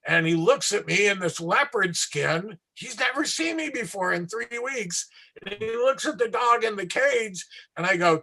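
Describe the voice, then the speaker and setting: Male street performer, storyteller, high and bright, animated with asides. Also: normal speed, gravelly. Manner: animated, acts out voices, trails into asides. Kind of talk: anecdotal storytelling in an interview.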